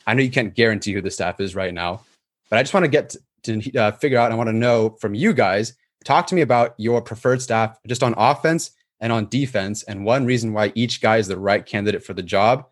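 A man's voice: fairly low pitch, a little fast, natural voice. A man playing a male team executive who interviews coach candidates with polite prompts.

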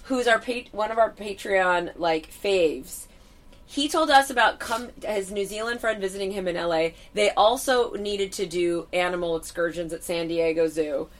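A woman's voice: mid-range voice, normal speed. A woman co-hosting a podcast, telling stories in a brash, profane, casual way. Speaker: podcast co-host. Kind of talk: casual chat.

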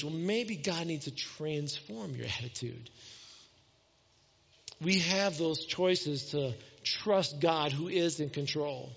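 High-voiced preacher in an echoing hall. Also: male voice, slow, creaky, highs cut off. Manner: animated storytelling, reading scripture aloud and voicing the characters. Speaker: pastor. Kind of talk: sermon.

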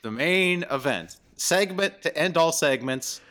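Bright, lively male podcast host. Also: on the high side, measured pace. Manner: loud, teasing, swearing. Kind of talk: casual chat.

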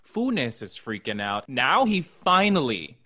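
A man of middle pitch co-hosting a casual podcast. He narrates film scenes playfully, acting out the characters and dropping in Spanish phrases. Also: very animated, takes it slowly, bright, forceful tone. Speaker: podcast co-host. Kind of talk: casual chat recapping a horror film.

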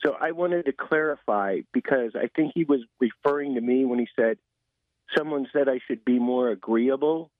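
Male caller, earnest, deliberate, mid-pitched, on a thin, tinny phone line. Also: no room sound. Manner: earnest, slows down deliberately to stress his point. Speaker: radio caller. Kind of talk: call-in conversation.

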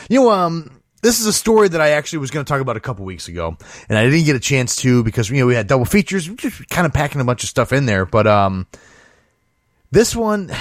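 A male host riffs on odd news stories with sarcasm and plenty of profanity. His pitch swings a lot as he talks. The sound is dry and close, with no room echo. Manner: sarcastic, profane, animated storytelling. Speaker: show host. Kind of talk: casual comedic news commentary.

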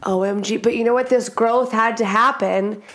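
A woman's voice: a little high, fairly even intonation, moderate pace. Chatty, dramatic woman podcast host. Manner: chatty, swears, reacts dramatically. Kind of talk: casual podcast interview.

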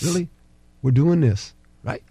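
Animated, high-voiced football analyst man. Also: unhurried, breathy edge, no room sound. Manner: emphatic, acts out players and coaches in quoted dialogue; folksy, with plain football talk. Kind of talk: sports talk show breakdown.

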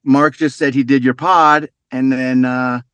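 A man's voice: mid-range voice, unhurried, smooth, no echo, highs cut off. A middle-aged man telling loose, profane stories as a podcast guest in casual chat. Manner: loose, swears freely, animated storyteller.

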